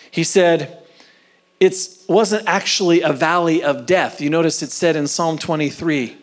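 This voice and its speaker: A man preaching a sermon with deliberate, unhurried delivery. His voice sits a little higher than most men's. He swings between loud, emphatic lines and near-whispers, stretching out the phrases he wants to land. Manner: slow, drawn-out emphasis on key phrases. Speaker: pastor.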